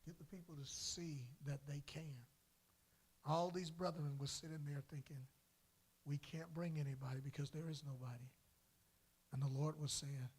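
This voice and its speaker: Husky slow-preaching man pastor. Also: fairly high pitch. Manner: preaching with sudden loud swells and drawn-out words. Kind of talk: sermon. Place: church sanctuary.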